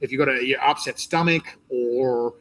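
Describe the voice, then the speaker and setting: A man's voice: mid-range voice, moderate pace, low-quality recording. Rambling Australian man hosting an interview. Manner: rambling and animated, many restarts. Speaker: interview host and competition organizer. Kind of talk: casual interview chat, live stream.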